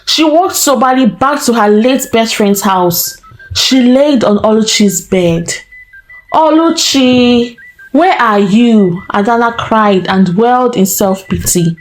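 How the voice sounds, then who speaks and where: A woman storyteller narrating a folktale in a slow, deliberate way. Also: medium pitch, a little hiss or hum, low-quality recording.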